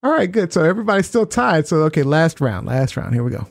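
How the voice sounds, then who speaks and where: A man's voice: on the high side, sing-song, quick pace, creaky, no echo, clean studio sound. A man hosting a party game on a talk show, upbeat and laughing often. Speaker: host.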